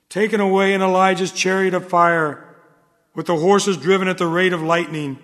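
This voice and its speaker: A man delivering a solemn sermon in a measured, earnest manner. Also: high voice. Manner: solemn, measured, rises in fervor. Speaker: preacher. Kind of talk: sermon reading. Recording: long hall reverb.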